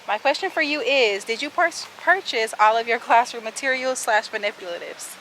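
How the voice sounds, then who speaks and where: A young woman in her twenties answers viewer questions while walking outside, winded and talking straight to her viewers. Her voice is bright and sharp, a little higher than most, and she has a sassy, chatty way of speaking. Faint outdoor noise sits under the handheld camera audio. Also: lively intonation, normal speed. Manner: chatty, sassy, addresses viewers as sis and y'all. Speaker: kindergarten teacher and vlogger. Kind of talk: casual Q&A vlog.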